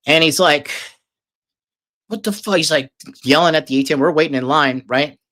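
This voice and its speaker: A man's voice: fairly high pitch, fairly even intonation, fast, sharp tone. A man telling a long, casual story, rambling and swearing heavily with lots of fillers. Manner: profane, rambling, filler-heavy.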